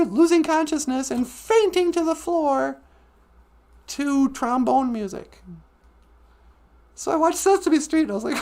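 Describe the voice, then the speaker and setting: A woman's voice: high voice, darkish tone. A woman hosting a live stream, chatting in a casual comedic way, rambling and joking. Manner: rambling, joking, breaks into laughs and sung snippets.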